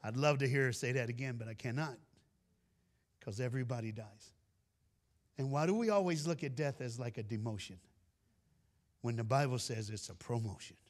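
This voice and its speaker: A man giving a storytelling sermon as a guest speaker, animated and folksy, talking straight to the crowd. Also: mid-range voice, normal speed, long pauses. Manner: animated, addresses the crowd directly, folksy talk. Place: large church hall. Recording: long hall reverb.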